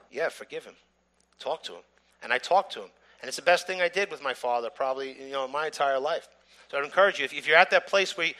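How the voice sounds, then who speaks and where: A man preaching as a guest, giving a personal testimony in an earnest, halting way that builds to emphatic urging. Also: fairly high pitch, bright, forceful tone. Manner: earnest, halting with repeated restarts, rising to emphatic exhortation.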